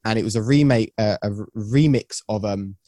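A man's voice: fairly low pitch, moderate pace, warm tone, no room sound, clean studio sound. A young British man chatting enthusiastically as a guest on a podcast, rambling and slangy. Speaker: guest musician. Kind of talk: casual podcast chat.

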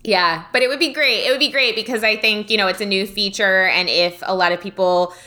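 A bright, forceful-sounding woman co-hosting a casual podcast. She tells stories in a chatty, lively way and laughs often as she talks. Her pitch sits in the middle range for a woman. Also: fairly quick. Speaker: podcast co-host. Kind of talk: casual chat.

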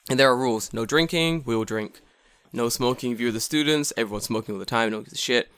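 A man's voice: medium pitch, quick pace, clear, resonant tone, no echo. A young man co-hosting a podcast, telling a story in casual, profane chat. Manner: profane, animated storytelling with acted quotes. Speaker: podcast co-host.

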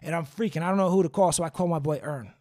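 A young man hosting a podcast, telling a story off the cuff in a loose, profane, animated way. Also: on the high side, very fast. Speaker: podcast host. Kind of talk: casual storytelling.

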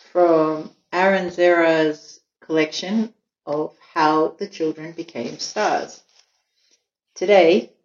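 A woman hosting and slowly reading a children's story aloud in a gentle way. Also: fairly low pitch. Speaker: storyteller host. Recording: echoey room, dull lo-fi sound.

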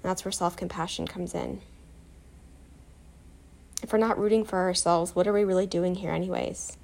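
A woman guiding a self-compassion meditation, soft, calm and encouraging, telling a short personal story. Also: lowish voice, moderate pace, gravelly. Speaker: meditation guide.

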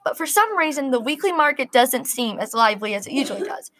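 A woman narrating a first-person story in an earnest, expressive reading. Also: high voice, fast talker.

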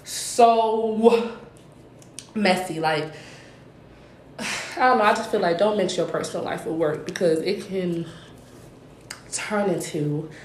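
Animated woman telling a heated story. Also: lowish voice, slow pace, long pauses. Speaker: podcast co-host. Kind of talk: casual chat. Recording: roomy echo with faint hiss.

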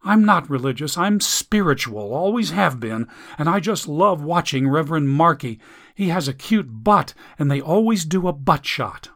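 A man's voice: a little high, expressive, moderate pace, pitched above the performer's own voice. A man voicing a blunt, pious older woman who scolds her grown daughter. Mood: scolding. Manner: sharp, scolding, self-righteous.

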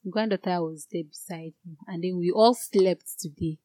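A woman telling her own story in an earnest, direct way, growing animated and indignant at times. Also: fairly low pitch, moderate pace, no echo. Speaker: guest sharing a personal story. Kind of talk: candid personal testimony.

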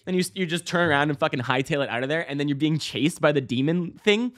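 A man hosting a podcast, telling a story casually with lots of fillers, restarts and swearing, breaking into loud high yelps. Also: quick pace. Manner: bursts into loud high-pitched exclamations when acting out scenes. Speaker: podcast host.

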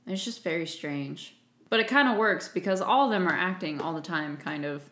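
A woman's voice: on the low side, normal speed, fairly bright tone. A woman co-hosting a podcast, chatting casually and laughing as she recaps a movie plot. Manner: chatty, laughs often, acts out quotes. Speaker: podcast co-host. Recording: echoey room.

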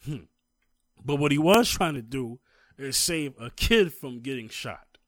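A man's voice: medium pitch, lively intonation, measured pace, no echo, studio quality. A man co-hosting a casual talk, recounting a story at length and growing emphatic as he goes. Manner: storytelling, grows heated and emphatic. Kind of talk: casual conversation.

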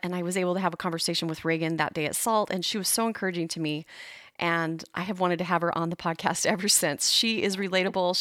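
A woman's voice: fairly low pitch, a bit bright, no echo, studio quality. A middle-aged woman hosting an interview podcast, speaking with enthusiastic, gushing praise. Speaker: podcast host. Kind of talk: conversational interview.

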